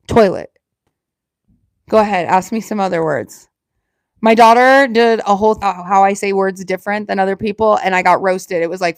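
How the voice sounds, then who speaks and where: A woman with a Southern Alabama accent chats with her livestream viewers in a self-deprecating way. She talks quickly and lets her words slur together. The sound is dry and close, with no room echo. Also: mid-range voice. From Alabama, USA. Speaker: livestream host. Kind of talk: casual live-stream chat with viewers.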